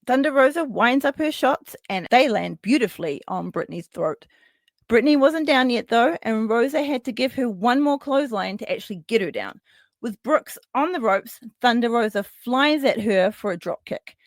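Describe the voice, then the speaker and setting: A woman's voice: on the high side, moderate pace, dry recording. Chatty woman recapping wrestling. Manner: lively, swears freely, lots of fillers. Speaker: podcast host.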